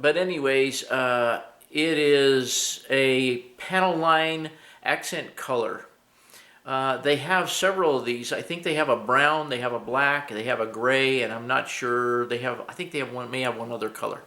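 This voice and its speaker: A middle-aged man gives a relaxed hobby product review, his voice bright and forward. He wanders off track, fills gaps with "uh", and restarts sentences. The room around him is echoey. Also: mid-range voice. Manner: rambling, many fillers and restarts. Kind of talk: casual product review and demo.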